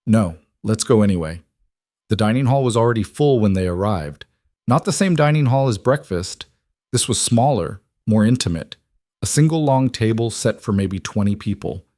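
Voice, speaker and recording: A man reading scripted audiobook narration in a measured, even storytelling manner. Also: medium pitch, no echo, clean studio sound.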